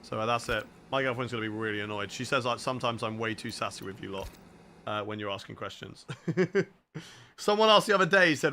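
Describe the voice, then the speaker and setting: A man's voice: fairly low pitch, expressive, quick pace, sharp tone, a little hiss or hum. A young man live-streaming a racing game, chatting casually and answering viewer questions between laps. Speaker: gaming streamer.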